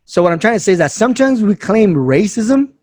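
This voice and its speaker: A man's voice: sits high, big pitch swings, brisk, darkish tone, no room sound, clean studio sound. A man co-hosting a casual political talk show, arguing his points and laughing between them. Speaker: podcast co-host.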